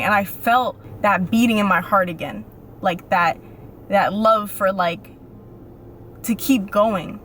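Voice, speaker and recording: Young adult woman, faith vlogger, casual and lively, middle pitch, light background noise. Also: unhurried. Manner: chatty and animated, repeats phrases for emphasis. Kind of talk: casual talk to camera.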